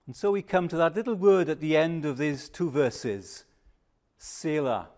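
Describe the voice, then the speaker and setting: An older man preaching a sermon, measured and emphatic, dropping to a hush on reflective pauses. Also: on the high side, expressive.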